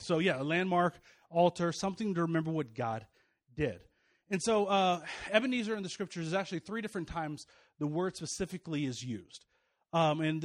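Man, pastor, high voice, chatty sermon, jokey, restarts and fillers. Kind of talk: casual sermon to a congregation.

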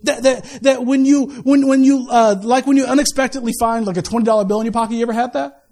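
A man preaching a lively sermon as pastor, mixing humorous asides and laughter, swinging between loud exclamations and quiet talk. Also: very high voice, quick pace.

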